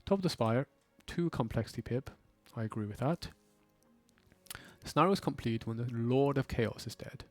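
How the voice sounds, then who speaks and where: A man's voice: mid-range voice, normal speed, dry recording, soft background music. A man hosting, chatting casually through a board game setup. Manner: relaxed, chatty, with fillers. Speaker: host.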